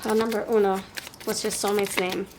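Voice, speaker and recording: New york lady doing a tarot pick a card reading, chatty, mid pitch, little bit of background hiss. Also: little pitch movement, fairly quick. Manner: chatty, thinks aloud, laughs often. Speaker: tarot reader.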